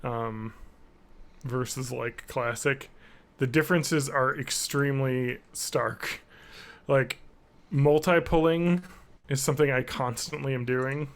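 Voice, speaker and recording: A man's voice: medium pitch, fairly even intonation, slow pace. A man hosting a casual live-streamed podcast, rambling and joking while he plays a game. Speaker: podcast host.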